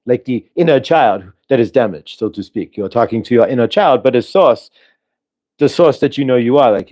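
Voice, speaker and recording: A man's voice: mid-range voice, lively intonation, normal speed, warm tone. A man giving a live spiritual channeling talk, earnest and coaching, asking the listener rhetorical questions.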